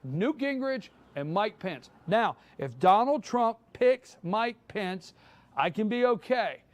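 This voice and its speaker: A man's voice: high-pitched, expressive, slow. A man hosting a live morning show, giving an emphatic opinion monologue and repeating his points. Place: live broadcast from a downtown spot.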